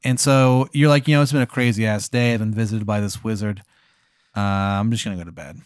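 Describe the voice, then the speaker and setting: A man's voice: fairly low pitch, fairly even intonation, clean tone, dry recording, studio quality. A man improvising a comedic hypothetical story, narrating what a listener does next in a casual, playful way. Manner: spins a hypothetical scenario, quick voices for other characters.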